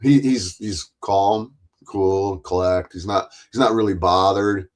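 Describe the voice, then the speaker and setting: A man's voice: deep voice, steady tone, slow. A man streaming live, ranting in a profane, rambling and heated way about people who bait him. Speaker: live streamer reacting to clips.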